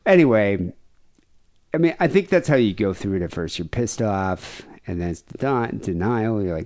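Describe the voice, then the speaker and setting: A low-pitched man co-hosts a podcast in loose casual chat. He is grieving, and his story wanders and swears freely. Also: animated, normal speed, a little mellow. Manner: profane, rambling storytelling. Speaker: podcast co-host.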